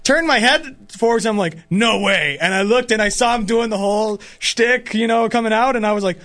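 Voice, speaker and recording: A man with a high voice co-hosts a casual radio chat. He gives opinions freely and trips over his own words as he goes. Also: fairly quick, a bit bright. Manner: opinionated, restarts words often. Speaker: radio show co-host. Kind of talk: casual chat about wrestling.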